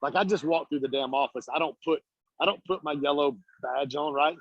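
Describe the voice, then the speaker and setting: Husky-voiced motivational speaker man, lo-fi call. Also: on the high side, fairly quick, no echo. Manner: energetic, preachy storyteller, casual and blunt. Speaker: guest speaker, business coach. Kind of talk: motivational talk on a video call. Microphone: video call. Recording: dull lo-fi call audio.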